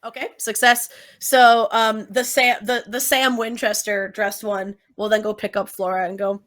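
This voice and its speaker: A woman's voice: mid-range voice, little pitch movement, normal speed, a bit bright. A woman running a tabletop game as game master, narrating in a chatty way full of fillers and easy laughter.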